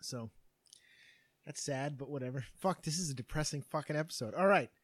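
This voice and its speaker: A man's voice: a little high, a little fast. A man in his thirties, a podcast co-host telling a long story in casual, profane chat.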